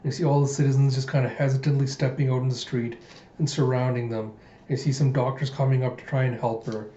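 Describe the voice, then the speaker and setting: A man casually reading through a comic aloud, narrating each page in a relaxed way. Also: medium pitch, fast, slight background noise. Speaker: manga reader. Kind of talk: casual manga readthrough. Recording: roomy, muffled home recording.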